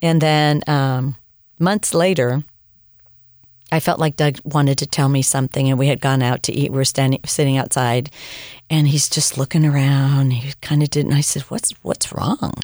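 Low-voiced woman telling her story. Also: normal speed, no room sound, clean studio sound. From United States. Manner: animated storyteller, acts out quoted dialogue. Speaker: interview guest. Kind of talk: personal testimony in conversation.

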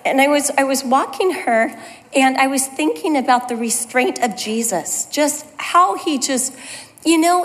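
A woman's voice: high voice, fairly bright tone. A woman teaching a Bible study in a conversational, self-deprecating storytelling manner. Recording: long hall reverb.

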